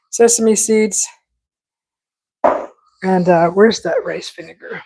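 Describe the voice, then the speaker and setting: A woman hosting a casual cooking vlog, rambling in a relaxed way with many fillers and restarts. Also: mid-range voice, slow pace, gravelly, pauses often, rough recording. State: talking with mouth full at times. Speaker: cooking channel host.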